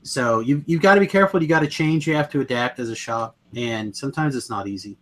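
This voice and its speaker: A man's voice: medium pitch, quick pace, a bit bright. Rambling, enthusiastic male podcast co-host. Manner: rambling, self-correcting, enthusiastic. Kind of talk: casual chat about card games.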